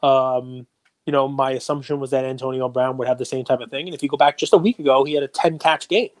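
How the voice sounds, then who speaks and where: A man's voice: mid-range voice, steady tone, quick pace, dry recording. A man hosting a casual sports and trading-card chat show, talking in a rambling, conversational way full of fillers. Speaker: podcast host.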